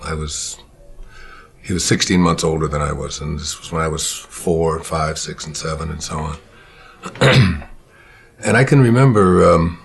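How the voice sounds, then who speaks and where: A man from Michigan recalls his early years in a calm, reflective manner. His voice sits low and carries a husky edge, and he takes his time, often pausing before he finds the right words. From Michigan, USA. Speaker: speaker recalling his childhood. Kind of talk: personal storytelling.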